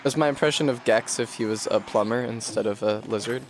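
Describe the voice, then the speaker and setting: A man's voice: medium pitch, a little fast, soft background music. A man chatting casually while streaming a game, joking and swearing through rambling asides.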